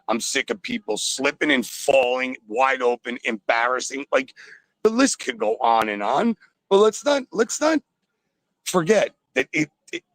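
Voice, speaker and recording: A man calling in to a sports talk show from a store, ranting angrily and loudly with plenty of swearing. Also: medium pitch, no room sound, poor audio. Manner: angry, loud, swearing rant. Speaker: caller. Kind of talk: call-in sports radio rant.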